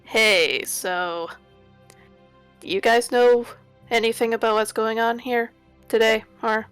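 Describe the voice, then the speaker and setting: A woman's voice: on the high side, steady tone, takes it slowly, a bit bright, clean tone, soft background music. A woman voicing a friendly adventurer in a casual, offhand way. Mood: curious.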